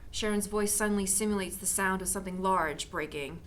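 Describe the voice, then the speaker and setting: A woman's voice: medium pitch, fairly quick, a little hiss or hum, lightly acted, poor audio. A woman narrating and describing her subject's sounds and gestures.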